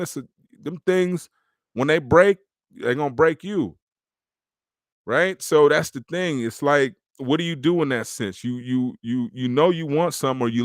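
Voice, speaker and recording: A man's voice: medium pitch, no room sound, studio quality. A man hosting a podcast, giving a casual, streetwise motivational talk about faith. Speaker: podcast host.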